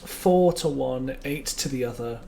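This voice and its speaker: Gravelly player on a noisy mic. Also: male voice, medium pitch, measured pace, mellow. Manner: dry, wry remarks, swearing. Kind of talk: casual tabletop game chat.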